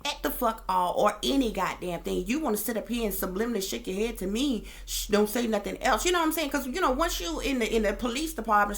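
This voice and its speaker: Heated, profane woman with a gravelly voice. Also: on the high side, quick pace, hardly any pauses. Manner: heated, profane and emphatic, addressing viewers directly. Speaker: psychic reader and channel host. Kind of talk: casual storytime rant.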